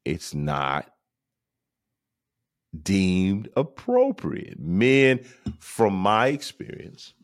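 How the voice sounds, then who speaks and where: Slow, animated man giving advice. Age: adult. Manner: preachy, repeats phrases for emphasis; mocks others in high teasing voices. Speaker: podcast host. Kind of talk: casual monologue.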